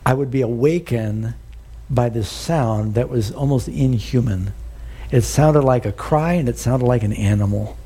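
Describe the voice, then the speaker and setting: Guy preaching, warm mellow voice, earnest storytelling, keeps asking the crowd stuff. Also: medium pitch, slightly rough. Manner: storytelling, earnest, asks the listeners questions. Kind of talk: sermon.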